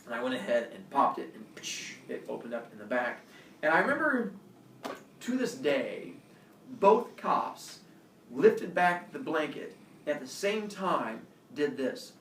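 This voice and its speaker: A male teacher tells a class a personal story in an animated, self-mocking way, recorded by a distant camera in a classroom. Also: on the high side, a little slow, a little hiss or hum. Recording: echoey classroom from far off.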